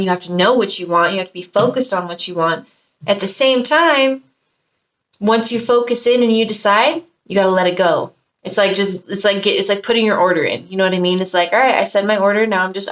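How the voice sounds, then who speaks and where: Woman tarot reader, casual, slangy and profane, warmly gushing at her audience. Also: medium pitch. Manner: slangy, profane and gushing, talks straight to viewers. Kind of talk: casual pick-a-card tarot reading.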